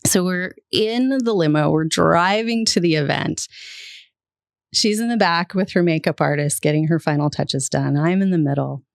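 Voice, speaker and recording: Woman, middle-aged, low voice, dry close mic, animated storyteller, podcast guest. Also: normal speed, gravelly, no room sound. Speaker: guest, public relations executive.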